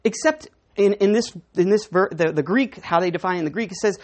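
A woman's voice: medium pitch, animated, fairly quick, hardly any pauses, a little mellow. A woman preaching a sermon in church, teaching in a conversational way and putting questions to the congregation.

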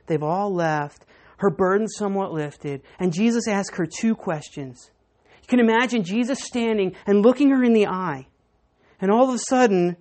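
A woman pastor preaching a sermon, telling stories and moving between hushed and emphatic delivery. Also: mid-range voice. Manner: storytelling, animated, swinging between hushed and emphatic.

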